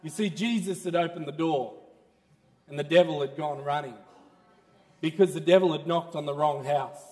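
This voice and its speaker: A man preaching a sermon in church, animated and laughing as he talks. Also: on the high side, moderate pace, long pauses, in a large hall. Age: 30s.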